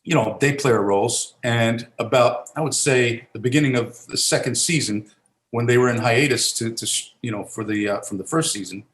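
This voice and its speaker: A man's voice: mid-range voice, moderate pace, fairly bright tone, reverberant. A middle-aged man from Italy, raised in New Jersey, talking casually as an actor guest, rambling with many fillers and restarts. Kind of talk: casual interview talk.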